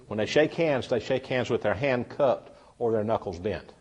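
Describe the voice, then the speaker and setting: A man leads a seminar in front of a live audience. He tells folksy stories in a chatty way and turns to the listeners as he goes. His voice sits at an ordinary middle pitch. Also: lively intonation, moderate pace, a little mellow, highs cut off. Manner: folksy storyteller, chatty, addresses the audience directly. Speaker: seminar speaker. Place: meeting room with a live audience.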